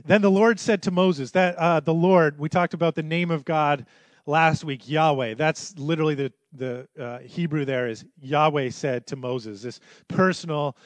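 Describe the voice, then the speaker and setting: A man's voice: on the high side, normal speed, dry recording. A man preaching a sermon as pastor in a church, telling the story conversationally and acting out the quotes.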